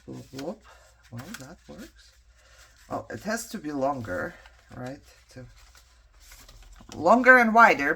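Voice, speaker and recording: A woman's voice: low voice, vocal fry, fairly bright tone, a little hiss or hum. A woman vlogger chatting casually to herself as she works on a craft project, trailing off and picking back up. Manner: chatty, talks to herself while working; frustrated venting.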